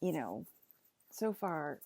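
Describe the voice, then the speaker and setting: A woman vlogger talking in a rambling personal monologue, meandering and full of fillers, often soft-spoken. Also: low voice, very animated, takes it slowly, gravelly, husky, dry recording.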